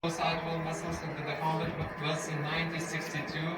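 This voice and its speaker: A man guiding a tour group through a museum, explaining history in halting English. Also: on the high side, completely flat delivery, very noisy. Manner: explanatory, slightly halting non-native phrasing. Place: indoor museum hall. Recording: distant echoey room with loud music.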